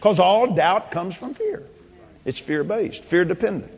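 An older man preaching a sermon, quoting scripture and telling a testimony, at times shouting praise. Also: high voice, animated, a little slow, creaky, slightly rough, long reverb tail.

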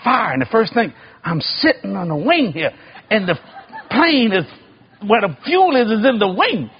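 A man preaching a sermon, telling a story with sound effects and acted-out voices, building to shouts. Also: high-pitched, very animated, normal speed, a little hiss or hum. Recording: muffled lo-fi recording.

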